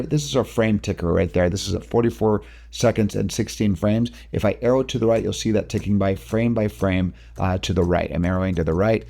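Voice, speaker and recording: A man talking through video editing steps in a casual software tutorial, explaining each click as he goes. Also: on the low side, creaky. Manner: casual, talks through each step while working. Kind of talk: screen-recorded software tutorial.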